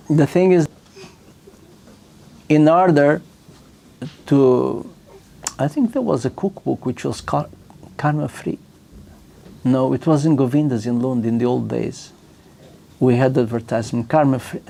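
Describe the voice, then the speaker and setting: A man leading a scripture class, reading out a passage and then explaining it in loose asides with fillers and soft chuckles. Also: mid-range voice, unhurried, vocal fry, long pauses. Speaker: temple class speaker.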